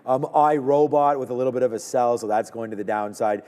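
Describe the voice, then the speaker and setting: A man's voice: medium pitch, a little fast, dark tone, long reverb tail. A man hosting a live stock trading stream, chatting upbeat while he places trades. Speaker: stock trading livestream host. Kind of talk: live market commentary.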